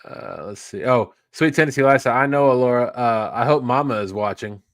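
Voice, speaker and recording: Reading chat on a fishing livestream he co-hosts, this man keeps a brisk pace and a medium pitch. The recording is dry, and he goes through viewer comments easygoingly, laughing in between.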